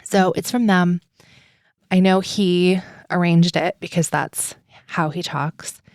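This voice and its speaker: A woman with a lowish voice rambles through a personal story, podcast-host casual. She leans on fillers and laughs between thoughts. The recording is close and dry, with no room sound. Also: fairly even intonation, slow, a little mellow, no room sound. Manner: rambling and chatty, heavy on "like" and "um", laughs often.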